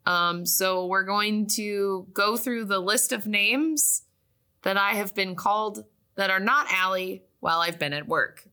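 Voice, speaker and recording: A young woman co-hosting a casual chat show, reading out a list slowly and laughing often. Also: mid-range voice, bright, forceful tone. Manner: giggly, reads a list slowly with frequent laughs. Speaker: podcast co-host. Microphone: webcam with whiteboard behind.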